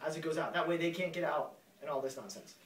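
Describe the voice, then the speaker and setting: A man's voice: on the high side, fast talker, a little hiss or hum, close to an everyday voice. A young man doing a dopey man-eating one-eyed giant. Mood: complaining. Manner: casual, goofy, deadpan. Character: dim, greedy one-eyed giant, male. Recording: roomy classroom, distant mic, loud class laughter.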